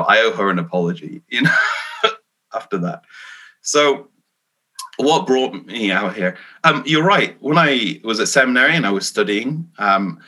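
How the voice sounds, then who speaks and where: A man's voice: lowish voice, bright, forceful tone, low-quality recording. A man raised in England, a Presbyterian minister, answering interview questions in an earnest, reflective and self-deprecating way. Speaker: Free Church minister.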